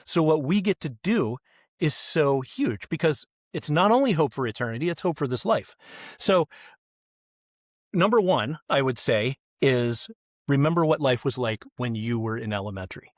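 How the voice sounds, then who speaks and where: A middle-aged man on a podcast, telling stories in an animated way and acting out the voices of the people in them. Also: medium pitch, moderate pace, no room sound, studio quality. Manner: animated, acts out quoted voices. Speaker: kids ministry guest. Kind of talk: podcast interview storytelling.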